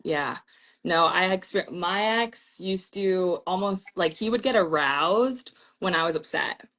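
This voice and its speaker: A woman's voice: on the low side, measured pace, a bit bright. A woman therapist hosting a candid conversation, speaking frankly and openly about her own experiences. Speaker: therapist and host.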